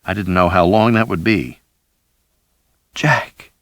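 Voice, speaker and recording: A man reading a first-person thriller audiobook in a measured, dramatic way. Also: sits low, dry recording. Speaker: audiobook narrator.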